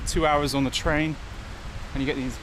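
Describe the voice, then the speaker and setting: A man's voice: a little high, fairly even intonation, moderate pace, noisy background. A man from England talking in a rambling, opinionated monologue while walking along a beach for his vlog. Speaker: vlog host. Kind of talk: casual walk-and-talk vlog. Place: outdoors on a beach.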